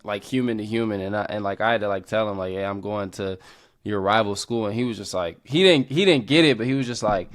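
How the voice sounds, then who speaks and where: A young man co-hosting a podcast, talking in a relaxed, rambling way with lots of filler words. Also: lowish voice, quick pace. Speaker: podcast co-host. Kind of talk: casual chat.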